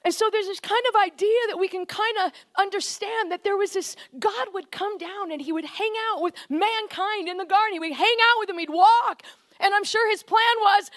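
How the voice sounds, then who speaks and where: A woman preaching a conversational, animated sermon, often shifting into quoted voices. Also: very high voice, normal speed.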